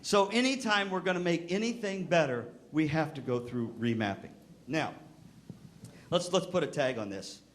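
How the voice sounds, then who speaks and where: A middle-aged man delivers a keynote storytelling speech to band directors at a convention hall, acting out voices in his stories for the live audience. His voice is fairly high with lively intonation at a normal speed, and there's slight background noise.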